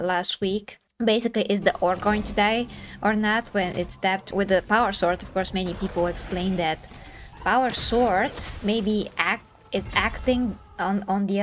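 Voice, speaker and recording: A woman hosting a casual review chat, talking bluntly and opinionatedly in quick bursts. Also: medium pitch, slight background noise. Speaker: channel host.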